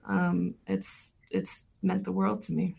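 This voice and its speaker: A woman's voice: lowish voice, level tone, takes it slowly, creaky, a little mellow, breathy edge. A woman documentary filmmaker being interviewed on radio, talking thoughtfully with many fillers and restarts.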